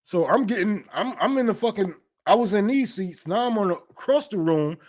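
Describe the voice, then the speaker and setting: A man's voice: high-pitched, lively intonation, brisk, a little mellow, no room sound. A man hosting a livestream in casual commentary, talking in a rambling way with heavy slang and lots of swearing. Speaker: livestream host.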